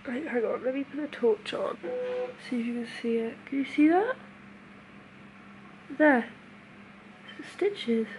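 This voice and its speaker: A woman's voice: on the high side, expressive, a little slow, pauses often, a little mellow. Young woman, post-surgery vlog, chatty and emotional, hospital room, noisy phone recording. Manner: chatty, emotional, laughs often. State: recovering from nose surgery. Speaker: vlogger. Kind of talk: casual vlog to camera. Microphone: phone camera.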